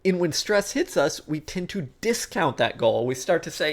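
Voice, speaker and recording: A man with a slightly raised pitch gives an instructional talk on sports psychology. He speaks conversationally and keeps checking in with the listener along the way. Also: big pitch swings, moderate pace. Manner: conversational, checks in with frequent "okay?" and "guess what?"; acts out inner thoughts in quoted asides. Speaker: coach.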